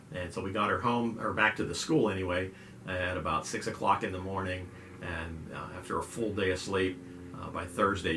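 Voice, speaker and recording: A middle-aged man, a youth pastor hosting a casual devotional talk, telling folksy stories and acting out voices. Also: lowish voice. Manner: folksy storyteller, animated quoted voices. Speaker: youth pastor and video host. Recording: roomy echo.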